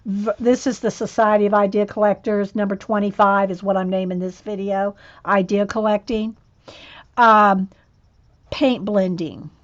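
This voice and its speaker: In dull-sounding audio, a middle-aged woman with a mid-range voice rambles casually on her art channel's livestream. She's chatty, restarts a lot, and has a case of the hiccups.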